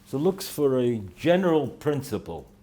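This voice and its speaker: Older man, rosh yeshiva, holiday talk, dry humor, halting with fillers, middle-pitched voice. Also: sing-song, warm tone. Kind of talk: holiday talk to students, with anecdotes and jokes. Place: yeshiva in Jerusalem.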